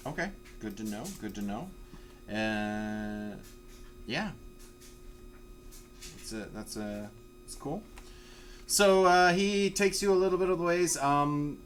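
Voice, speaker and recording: A man narrating a tabletop game as game master, loose and rambling. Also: lowish voice. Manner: rambling, many fillers and restarts.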